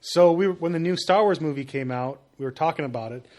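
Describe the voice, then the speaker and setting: A man's voice: on the high side, fast talker, darkish tone. Laughing, rambling storyteller man. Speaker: guest. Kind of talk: casual podcast chat.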